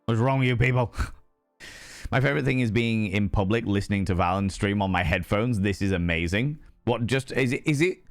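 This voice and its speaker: A husky man with a fairly low voice hosts a casual stream, his throat slightly hoarse from a few nights of drinking. He talks in a theatrical, flamboyant way, often jumping into high, mocking voices between stretches of plain, rambling chat. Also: normal speed, no echo, clean studio sound, faint music behind. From Ireland. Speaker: livestream host. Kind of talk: casual chat reading viewer messages.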